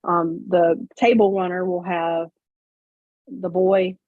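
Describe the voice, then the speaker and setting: A woman's voice: lowish voice, flat delivery, slow, no room sound. Chatty woman on a thin, phone-like line. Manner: chatty, explains step by step with many fillers. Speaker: host. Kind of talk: casual livestream chat. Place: home sewing room on a video call.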